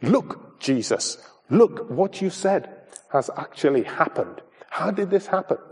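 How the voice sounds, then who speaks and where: A man acting out the disciple Peter as an excited grown man, exclaiming in surprise. He calls out with breathless astonishment. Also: on the low side, slow, gravelly, husky, recorded from a distance, heavily acted. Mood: amazed.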